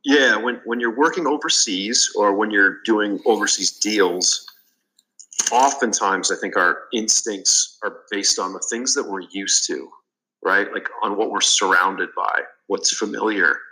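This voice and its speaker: Male podcast guest, low pitch, bright and forceful delivery, talks earnestly. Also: measured pace, poor audio. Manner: earnest storytelling with fillers and restarts. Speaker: guest, business consultant. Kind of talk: casual interview.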